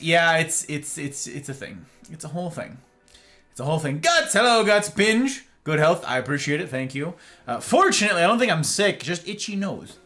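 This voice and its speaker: Streaming from home, a man chats casually and greets his viewers by name with playful flourishes. His voice is a little high, pushed and bright.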